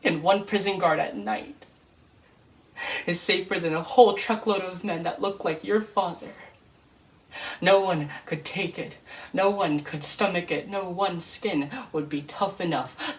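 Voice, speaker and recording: A woman reciting a spoken word poem in a slow, measured and emphatic way. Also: sits low, recorded from a distance. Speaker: poetry reader.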